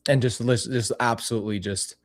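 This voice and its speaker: Male channel host, casual livestream chat, rambling and animated. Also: mid-range voice, fairly quick.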